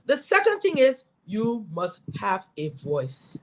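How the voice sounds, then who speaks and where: A middle-aged woman from Liberia speaking, a guest in an interview telling her story as a former senator with lively, preaching energy. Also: medium pitch, takes it slowly, a crowd in the background, low-quality recording. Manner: animated, preaching storytelling with acted quotes.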